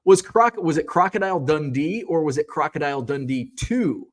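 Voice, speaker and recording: A man's voice: on the high side, animated, normal speed. Chatty middle-aged man hosting a live show. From United States. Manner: rambling, chatty, tangents and self-corrections. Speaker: live show host reading viewer chat. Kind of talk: casual live-stream chat.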